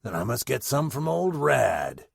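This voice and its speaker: A cunning sailor plotting revenge, as a male reader puts him on, speaks low and slyly with a lively lilt. The recording is dry and close. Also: a little slow, creaky, husky, no echo, full character voice.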